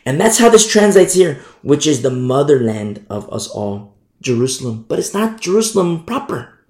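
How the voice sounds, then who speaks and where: An American man teaching a Bible passage in an emphatic, questioning way, his voice sitting a little high for a man. He stretches key words out slowly and keeps asking his listeners whether they see the point. The recording carries a noticeable room echo. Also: big pitch swings, darkish tone. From United States.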